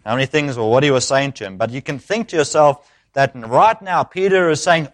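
A man preaching an expository sermon, switching into acted speech with sudden loud bursts. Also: medium pitch, brisk.

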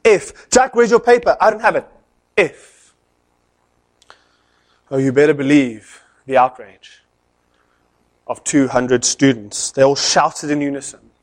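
A man preaching a sermon, telling a story in an animated way with dramatic pauses. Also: fairly high pitch.

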